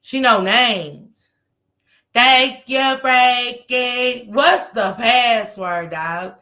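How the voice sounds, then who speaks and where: Woman caller, slow drawl, bright higher voice, animated storyteller. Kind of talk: casual storytelling on a call.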